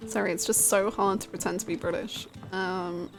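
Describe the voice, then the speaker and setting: A woman's voice: medium pitch, fairly even intonation, moderate pace, over music. A woman live-streaming a game, chatting casually and giggling while she reads out her chat.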